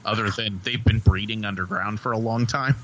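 A man co-hosting a podcast, reviewing a movie in a rambling, profane, excitable way. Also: on the low side, a little fast, slight background noise, poor audio. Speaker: podcast co-host. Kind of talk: casual movie review chat.

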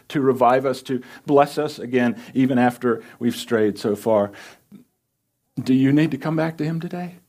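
A man's voice: medium pitch, a little mellow. Earnest man preaching a sermon. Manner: earnest and pleading. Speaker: pastor.

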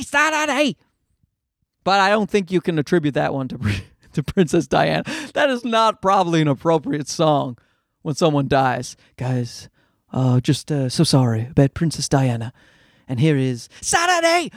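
A man's voice: sits high, fairly bright tone, dry recording, studio quality. A man hosting a comedy podcast, riffing in a rambling, profane, self-mocking monologue. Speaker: podcast host.

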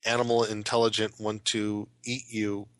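A man's voice: lowish voice, monotone, normal speed, fairly bright tone, clean tone, no echo. A man co-hosting a casual tabletop game chat, joking and reacting with short laughs. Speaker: co-host and dungeon master. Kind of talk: casual chat about monster lore.

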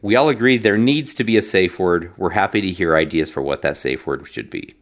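A man's voice: deep voice, fairly quick. A man co-hosting a podcast, chatting casually and telling a rambling story with laughs. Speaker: podcast co-host.

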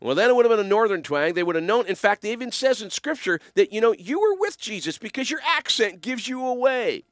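A man's voice: sits high, big pitch swings, a little fast, hardly any pauses, a bit bright, no echo, studio quality. A man in ministry talking in a casual, earnest and rambling way, with emphatic stresses. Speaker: minister giving a talk. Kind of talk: casual spoken reflection. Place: lives in the Ottawa region.

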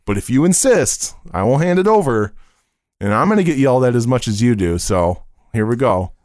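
A man's voice: medium pitch, animated, fairly quick, darkish tone, no room sound, clean studio sound. A man telling stories in a casual podcast chat, rambling with many fillers and swearing freely.

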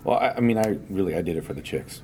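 A man chatting casually at a quick clip, his pitch bouncing widely. He jokes and laughs easily. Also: expressive, warm tone, slight background noise. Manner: fast, jokey, quick laughs. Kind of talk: casual chat.

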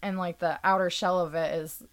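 A woman with a lowish voice talking through a hard experience in plain terms. She takes her time, stops on ums and likes, and picks her words with care. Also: steady tone, moderate pace, clean tone. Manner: earnest, explaining carefully with fillers. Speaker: podcast guest. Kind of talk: casual conversational explanation.

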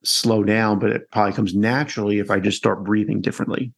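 A man from New York hosting a podcast, conversational and quick, with many fillers. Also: fairly low pitch, flat delivery, vocal fry, husky. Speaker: podcast host. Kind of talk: podcast interview.

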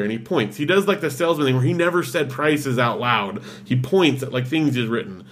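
Here a mid-range, animated male voice with a fairly bright tone comes through a little hiss or hum. In easy conversation he races through a story, imitating its characters and filling gaps with "like" again and again.

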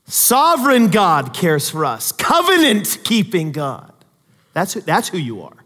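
A man preaching a sermon, swinging from quiet storytelling asides to loud, emphatic peaks. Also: sits high, huge pitch swings, a little slow. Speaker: pastor. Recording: long hall reverb.

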